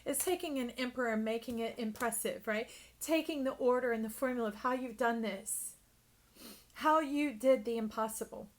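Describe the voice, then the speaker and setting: A woman giving an intuitive tarot reading, speaking effusively and emphatically straight to the listener, at times dropping into a hush. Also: a little high, normal speed, a little hiss or hum. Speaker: tarot reader.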